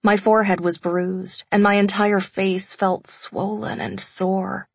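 Breathy woman narrating an audiobook. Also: on the low side, little pitch movement, unhurried, few pauses, dry recording. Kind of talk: scripted first-person narration.

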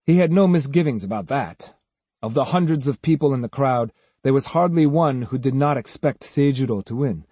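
A man's voice: mid-range voice, warm tone, husky, dry recording. A man reading a novel aloud as an audiobook narrator, giving each character a voice. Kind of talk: scripted narration.

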